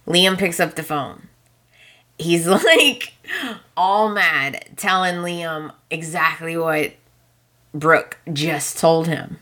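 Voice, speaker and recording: Laid-back woman with a bright voice. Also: deep voice. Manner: chatty, laughs often, acts out lines with quick voices. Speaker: podcast host recapping a soap opera. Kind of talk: casual chat recap.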